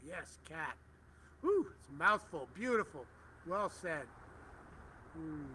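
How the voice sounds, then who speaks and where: A middle-aged man hosting a prayer livestream outdoors, speaking gentle, reverent affirmations as he reads viewers' comments aloud over a phone. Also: fairly high pitch, big pitch swings, slow pace, pauses often, a little hiss or hum. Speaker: spiritual livestream host.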